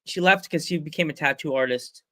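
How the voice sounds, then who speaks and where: A man's voice: on the high side, a little fast, pushed and bright, no echo. An American man hosting a casual podcast over a remote call, chatty and rambling, laughing often. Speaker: podcast host. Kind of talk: casual chat. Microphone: remote call mic.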